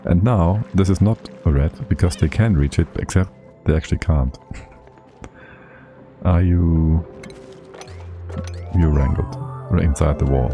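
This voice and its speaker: A man's voice: extremely low pitch, mellow. A man giving casual, chatty livestream commentary on a game, thinking aloud and laughing often. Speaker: streamer.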